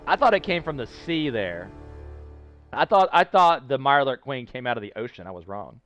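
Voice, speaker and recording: A gameplay streamer offers casual commentary in a mid-range, fairly bright voice, speaking briskly with lively intonation. Playful and chatty, he reads chat aloud and responds to his viewers while faint music plays behind him.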